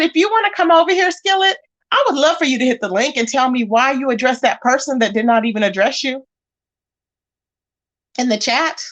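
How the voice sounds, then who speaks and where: A woman hosting a livestream, reading chat comments and calling people out in casual commentary. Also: high-pitched. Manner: animated, talks straight to chat and calls people out. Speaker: livestream host.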